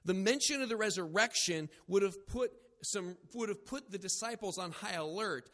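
High-voiced preacher in an echoing hall. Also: male voice, normal speed, hardly any pauses. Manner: animated, acts out quoted voices, self-deprecating jokes. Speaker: pastor. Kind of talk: sermon.

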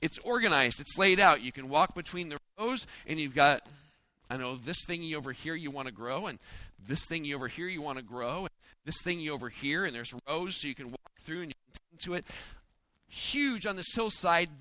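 A man preaching a sermon in a folksy, joking way, acting out the disciples' lines in quick asides. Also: fairly high pitch, lively intonation, sharp tone, no echo. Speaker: pastor.

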